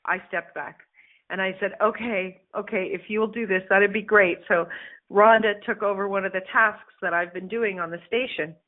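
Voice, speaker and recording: Woman radio host and life coach, brash, salty motivational talk, thin lo-fi phone-line sound. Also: on the high side. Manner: blunt, swears, animated with laughs. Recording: phone-like narrow band audio.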